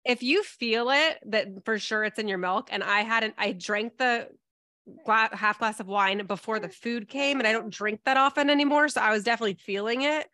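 A woman co-host chatting on a casual podcast, her voice set a little high. She is recorded close and dry, acts out what others said and drops quiet on asides. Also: moderate pace, dry recording. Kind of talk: casual chat.

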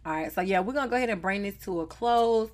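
A woman's voice: medium pitch, quick pace. A woman from North Carolina with a Southern accent, hosting a podcast in a chatty, easygoing, slangy way. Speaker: podcast host. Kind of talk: casual podcast chat.

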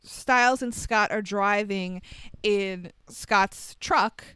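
A woman's voice: medium pitch, slow, bright, forceful tone, clean tone, no echo. Wry, chatty woman recapping a movie. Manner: chatty, wry, laughs often. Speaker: podcast co-host.

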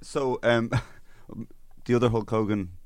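A man's voice: mid-range voice, fairly even intonation, takes it slowly, no echo. A man hosting a podcast, asking a guest questions and dropping dry quips. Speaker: podcast host. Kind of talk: casual interview chat.

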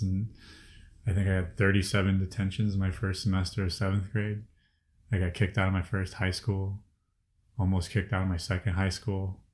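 Guy in his 30s ranting about his past, swears a lot, lowish voice, gets loud and heated. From Chicago area. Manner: profane, heated storytelling, voice rising when angry. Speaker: guest sharing personal stories. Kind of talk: casual group conversation.

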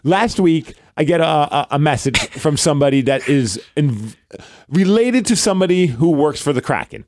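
Co-hosting a podcast, a man from Brooklyn tells a long, rambling story in a New York accent, performing the dialogue of those he quotes. His voice is a little high and darkish, with lively intonation at a normal speed, in a studio-quality recording without echo.

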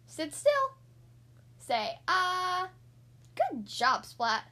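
Lady doing a cheery furry doctor, encouraging, high and bouncy. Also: huge pitch swings, very slow, sharp tone, heavily acted. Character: friendly furry woman doctor.

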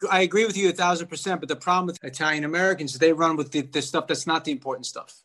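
A man's voice: fairly high pitch, fairly even intonation, racing, sharp tone. A man from the Bronx, a guest on a podcast, talking bluntly and with strong opinions. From the Bronx, New York. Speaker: guest, actor and filmmaker. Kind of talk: casual podcast chat.

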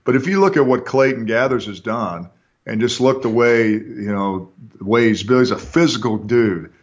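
A man's voice: mid-range voice, moderate pace. Easygoing man on a dull, lo-fi recording. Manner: easygoing, thinks aloud while talking. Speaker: sports talk co-host. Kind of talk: casual sports talk. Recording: dull lo-fi sound.

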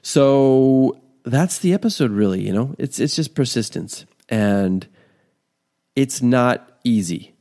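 A man hosting a podcast, talking in a put-on extra-low, quiet voice in a rambling, encouraging way. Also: expressive, takes it slowly. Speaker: podcast host. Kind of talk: casual talk.

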